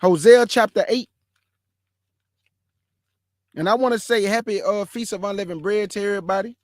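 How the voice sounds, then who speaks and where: A man's voice: high-pitched, steady tone, normal speed, no room sound, clean studio sound. A man hosting a livestream, speaking in a brash, mocking way and repeating lines for emphasis. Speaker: host of a livestream show. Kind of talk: livestream commentary and preaching.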